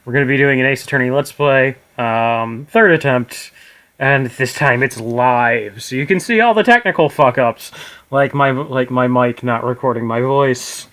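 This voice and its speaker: A man's voice: mid-range voice, normal speed, a bit bright, clear, resonant tone, rough recording. A man streaming a live game let's play, reading dialogue aloud in a casual, swearing manner. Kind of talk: casual live gameplay narration. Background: game music.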